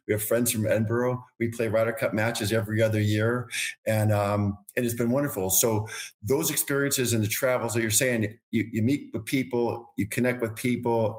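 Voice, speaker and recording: A man, a podcast guest, telling long casual anecdotes with many restarts and repeated words. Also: lowish voice. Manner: rambling anecdotes with frequent restarts. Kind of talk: casual storytelling.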